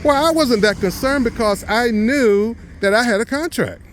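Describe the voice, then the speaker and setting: A man with a fairly high voice recounts a property deal in a deliberate, storytelling way. He stresses the words that matter and acts out both sides of the conversation. Faint traffic hums in the background. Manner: deliberate, stresses key words, quotes others in dialogue. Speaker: real estate investor.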